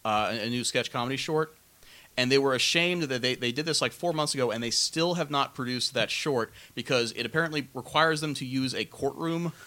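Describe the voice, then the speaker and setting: A man's voice: medium pitch, fairly quick, pushed and bright. A man co-hosting a podcast, telling rambling stories in casual chat with frequent stammers and restarts. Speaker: podcast co-host.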